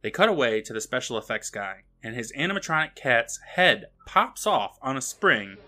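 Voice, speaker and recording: A man co-hosting a podcast, recapping a TV episode in a lively, casual way. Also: medium pitch, moderate pace, slight background noise. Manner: lively retelling with frequent laughs. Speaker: podcast co-host.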